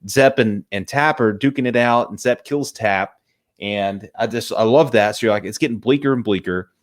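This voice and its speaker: A man co-hosting a casual movie review, excitable, swearing casually and restarting his sentences often. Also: fairly low pitch, moderate pace. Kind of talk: casual chat.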